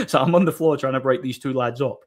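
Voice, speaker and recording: A man hosts a live stream in loose, casual chat. He tells his stories in a rambling way, full of restarts, with blunt and crude banter. His voice sits at an ordinary middle pitch. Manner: rambling storyteller, frequent restarts.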